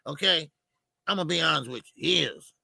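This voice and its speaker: A man's voice: fairly high pitch, fairly quick, gravelly, bright, forceful tone, husky, no echo. A man talking boxing in a blunt, heated way, repeating his points. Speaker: boxing commentator. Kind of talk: casual boxing debate.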